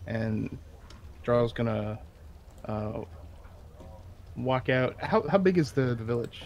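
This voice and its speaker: A man at a tabletop game talks slowly and haltingly, stopping often to gather his thoughts. There is a faint hum of the room behind him. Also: mid-range voice, lively intonation, vocal fry, darkish tone. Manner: hesitant, full of ums and restarts. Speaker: player. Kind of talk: tabletop role-play.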